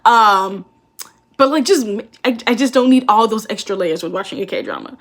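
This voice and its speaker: A woman's voice: mid-range voice, expressive, normal speed, fairly bright tone. A young woman vlogger in casual chat, swearing freely and laughing often as she talks.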